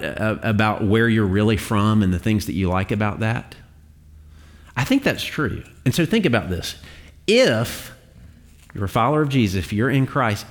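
A man preaching a sermon in a conversational way, with fillers and the odd laugh. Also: lowish voice. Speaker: pastor.

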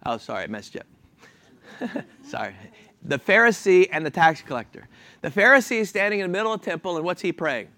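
A man preaching a sermon, asking the congregation questions and answering them himself, with an animated, chuckling delivery. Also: high-pitched, fairly quick.

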